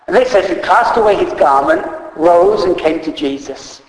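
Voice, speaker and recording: A man's voice: high-pitched, expressive, moderate pace, few pauses. A man preaching a sermon in an earnest, unscripted way, reading scripture aloud and correcting himself as he goes. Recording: echoey hall reverb.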